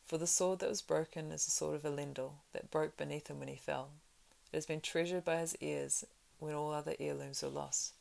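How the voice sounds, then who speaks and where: A woman reading the part of a weathered, kingly ranger in a storybook, speaking with measured solemnity. The voice sits low and carries a heavy gravelly fry throughout. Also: steady tone, a little mellow. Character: weathered grave male ranger, heir of kings.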